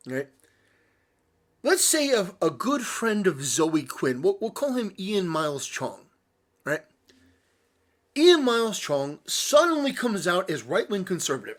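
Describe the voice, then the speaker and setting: A man's voice: sits high, sing-song, unhurried, pauses often, fairly bright tone. A man giving direct-address commentary, earnest and lecturing as he speaks straight to the person he is answering. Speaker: online commentator.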